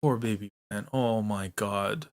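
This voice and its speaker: In a fairly low, unhurried voice, a male host reacts to the manga he's reading. He's slangy and excitable, at times muttering in dismay and at times breaking into loud outbursts.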